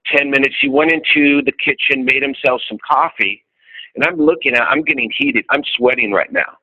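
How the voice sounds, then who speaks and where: Middle-aged male salesman, bright forward tone, candid and profane storyteller, lo-fi muffled radio audio. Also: on the high side, a little fast. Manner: candid and profane, acting out both sides of conversations. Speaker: insurance salesman. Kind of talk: casual storytelling to a group.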